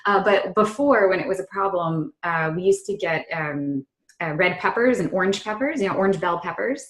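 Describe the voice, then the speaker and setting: A woman's voice: on the low side, normal speed, fairly bright tone, roomy sound. A woman guest in a casual conversation, giving practical advice.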